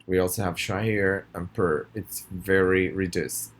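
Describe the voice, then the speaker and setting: Guy with a really low voice doing a pronunciation video lesson, spanish is his first language, friendly, says words slow so you repeat. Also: steady tone. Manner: friendly, repeats words slowly for students to echo. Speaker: pronunciation teacher.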